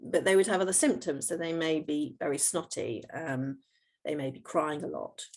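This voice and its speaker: Speaking on a podcast, a middle-aged woman patiently explains her homeopathy work with lively intonation and a somewhat dark tone. Her low, gravelly voice is broken up by "um," "you know," and restarted phrases.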